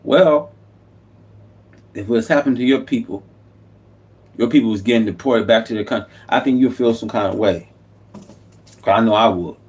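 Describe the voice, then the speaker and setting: Male YouTube commentator, passionate sermon-like rant, average pitch. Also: normal speed, long pauses, a little mellow. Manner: impassioned, repetitive, preachy. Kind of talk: unscripted political monologue.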